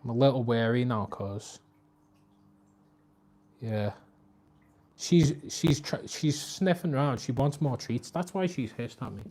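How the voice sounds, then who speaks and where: A man's voice: a little slow, pauses often, warm tone. A man, chatting casually on a live stream, talking to his cat and reading out viewer comments. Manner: chatty, talks to his cat and viewers, voice jumps high when scolding.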